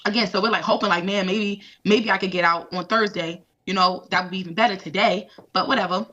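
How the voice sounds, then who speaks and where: Bright-voiced woman getting over a cold. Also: medium pitch, quick pace. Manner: lively, animated storyteller. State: recovering from a cold. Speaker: interviewee recounting her release. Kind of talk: storytelling in an interview. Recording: dull, lo-fi clip.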